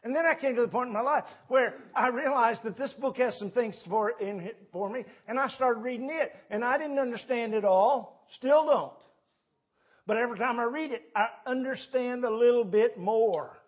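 A man's voice: very high voice, moderate pace, husky, lo-fi sound. A man preaching a sermon in a church, telling a Bible story in a folksy way. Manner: storytelling, folksy, with quoted voices. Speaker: pastor. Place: church sanctuary.

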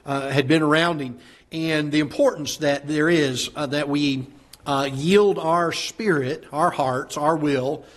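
A man preaching a sermon as pastor, his voice raspy and soft as if close to losing it, with many "uh" fillers and the odd joking aside. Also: a little high. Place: church auditorium.

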